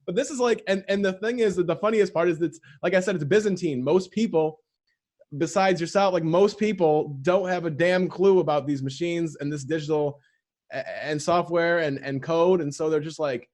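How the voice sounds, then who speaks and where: A man's voice: a little high, moderate pace, darkish tone. A man hosting a podcast, chatting casually and telling stories with restarts and fillers. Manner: chatty storyteller, restarts and fillers, mimics people he tells about. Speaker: podcast host.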